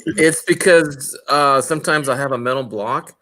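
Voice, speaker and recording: A man's voice: mid-range voice, normal speed, bright, forceful tone. Californian man telling stories in chat. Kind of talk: casual chat.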